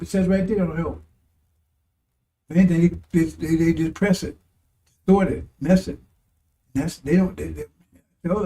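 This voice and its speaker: Preacher, male, high voice, mellow tone, rambling and coarse, laughs mid-sermon. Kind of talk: informal sermon.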